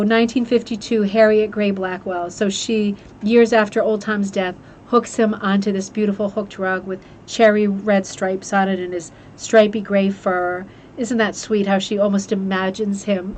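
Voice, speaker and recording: A woman's voice: mid-range voice, flat delivery, moderate pace, hardly any pauses, a little mellow, slight background noise. A woman hosting a craft club livestream, chatting casually about a book and gushing with fillers and restarts. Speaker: host of a rug hooking club livestream. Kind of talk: casual chat, reviewing a book.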